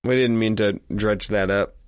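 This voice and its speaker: A man's voice: fairly low pitch, fairly even intonation, moderate pace, clear, resonant tone, no room sound, clean studio sound. A man co-hosting a casual, comedic music chat, teasing and giggling. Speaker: podcast co-host.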